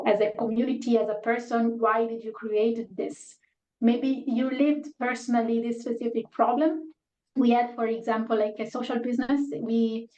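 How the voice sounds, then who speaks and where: A woman's voice: a little high, warm tone. A woman hosting an online workshop, talking casually and rambling through filler words over a video call. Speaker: workshop host. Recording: roomy, dull lo-fi call audio.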